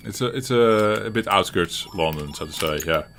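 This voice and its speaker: Dutch man, lowish voice, very animated pitch, casual gameplay chat, faint background noise. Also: moderate pace. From Netherlands. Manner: chatty and rambling, chuckling often, with frequent restarts. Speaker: retro gaming channel host.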